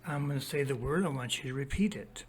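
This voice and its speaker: With music in the background, a teacher reads aloud from a storybook in a medium-pitched voice. Next comes a worksheet, explained step by step in a slow, deliberate manner aimed directly at young listeners.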